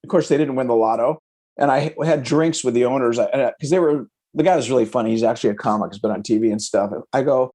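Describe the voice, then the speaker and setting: Animated middle-aged man telling anecdotes. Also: mid-range voice, fast talker. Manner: animated, mimics people in his stories, laughs. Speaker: guest, real estate agent. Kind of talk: casual storytelling chat.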